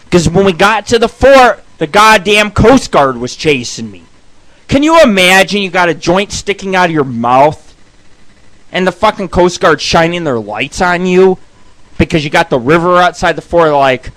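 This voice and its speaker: High, bright, foul-mouthed man telling stories. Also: expressive, moderate pace. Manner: crude, rambling, heavy swearing. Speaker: radio show host. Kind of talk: profane storytelling monologue.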